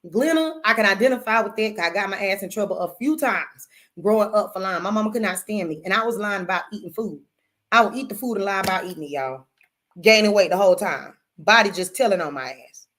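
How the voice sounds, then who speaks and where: A woman host telling a story in casual, animated talk, calling her listeners y'all and swearing freely. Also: mid-range voice, fast talker. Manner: animated, profane, addresses audience as y'all.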